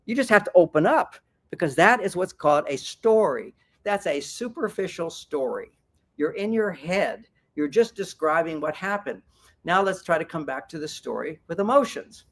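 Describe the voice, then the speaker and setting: A man giving a seminar talk to a live audience as a workshop speaker, animated and acting out example dialogues. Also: sits high, moderate pace.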